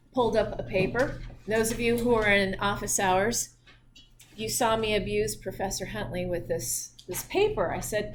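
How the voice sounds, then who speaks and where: Woman teaching physiology, higher voice, chatty and joking around, little bit of hiss behind her. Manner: chatty, jokey asides, laughs at herself. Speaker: physiology instructor. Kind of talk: recorded lecture.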